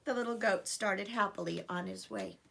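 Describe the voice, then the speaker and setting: Woman teacher, children's story read-aloud, expressive, lively pitch, bright voice. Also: normal speed. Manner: animated, expressive.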